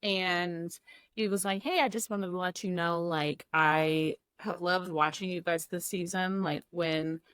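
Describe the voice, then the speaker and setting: A woman's voice: lowish voice, fairly even intonation, unhurried, fairly bright tone, clean tone, no echo. A young woman from the Midwest talks through her memories in a loose, earnest way, her sentences full of "like" and "you know". Her voice is recorded close and dry, with no room around it. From Midwest of the United States. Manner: chatty, heavy use of "like", earnest. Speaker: guest, former cooking show contestant. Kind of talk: casual interview chat.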